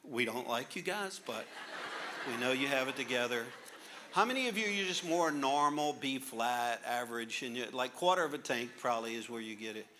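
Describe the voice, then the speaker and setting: A man's voice: mid-range voice, expressive, moderate pace, background noise. A male pastor preaching a sermon with humorous stories, jokey and laughing through his lines.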